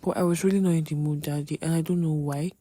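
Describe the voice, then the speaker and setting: A woman's voice: low-pitched, fairly even intonation, quick pace, mellow, no echo. A young woman in her twenties, hosting a podcast and candidly telling a personal faith testimony with dramatic asides. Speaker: podcast host.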